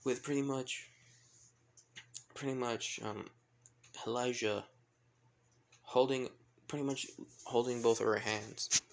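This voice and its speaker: Gravelly man rambling through a fan story. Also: mid-range voice, steady tone, slow pace, long pauses. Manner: rambling, many filler phrases. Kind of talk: casual fan-fiction retelling.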